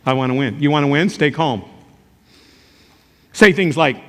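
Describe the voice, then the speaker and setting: An older man, a teacher, giving a motivational talk to a live audience, telling jokey stories with sudden loud outbursts. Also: on the high side, moderate pace. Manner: animated storytelling, joking, sudden loud outbursts. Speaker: character education teacher and speaker. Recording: reverberant hall.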